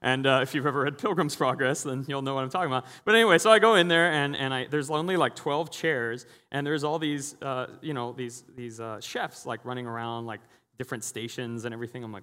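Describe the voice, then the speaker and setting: A man with a medium-pitched, somewhat quick and sharp-toned voice delivers a sermon as a guest preacher in a church hall. He opens with prayer, then tells stories in a relaxed, chatty style, acting out the quotes. The recording carries the long reverb of a large hall.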